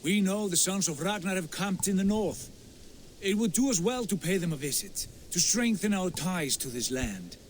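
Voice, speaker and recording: An earnest Viking jarl. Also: male voice, high voice, expressive, normal speed, slight background noise. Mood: resolute. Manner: earnest, formal. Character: male Viking jarl, proud, steady leader. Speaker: game character. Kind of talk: video game voice acting.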